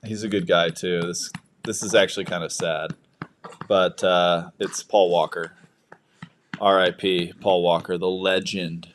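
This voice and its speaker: A young man chats loosely through a home livestream in a fairly low voice, cracking jokes and reading out viewer comments as they come in. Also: little pitch movement, unhurried, slight background noise. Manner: jokey, reads viewer comments aloud. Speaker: livestream co-host, new father. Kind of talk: casual livestream chat.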